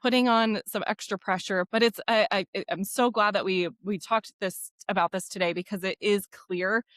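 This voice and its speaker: A woman's voice: medium pitch, steady tone, normal speed, fairly bright tone, dry recording. Woman co-host, thinks aloud with restarts, mid-range voice, dry close recording. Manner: rambling, self-correcting, thinks aloud. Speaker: podcast co-host. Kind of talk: casual podcast conversation.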